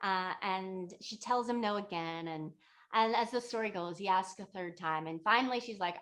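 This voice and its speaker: A woman's voice: mid-range voice, moderate pace, fairly bright tone. A woman, a yoga and meditation teacher, casually retelling a legend in a chatty, filler-heavy way. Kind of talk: casual spoken storytelling.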